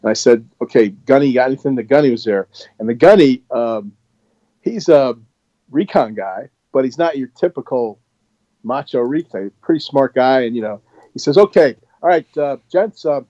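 A man's voice: mid-range voice, normal speed, dry recording, lo-fi sound. A man in his sixties, a former Marine instructor, telling a story in a rambling, casual way with many restarts. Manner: rambling, many restarts, animated when retelling.

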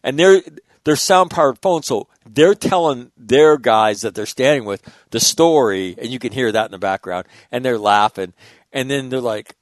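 A man in his sixties, a former military officer, telling profane, animated stories in casual conversation. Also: mid-range voice, moderate pace, no room sound, studio quality. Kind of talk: casual storytelling.

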